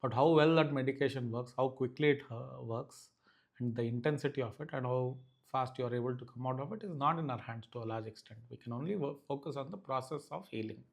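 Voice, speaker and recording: A man's voice: medium pitch, fast talker, vocal fry. Earnest male spiritual teacher, reflective delivery with filler-laced restarts, mid-range voice. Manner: earnest, thoughtful, frequent "you know" fillers and restarts.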